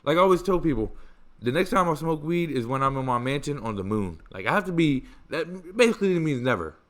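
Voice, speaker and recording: A man hosting a podcast, telling stories in a casual, animated way, swearing freely and stressing points through repetition. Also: on the high side, fairly quick. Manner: animated, profane, emphatic repetition. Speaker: podcast host. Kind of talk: casual storytelling chat.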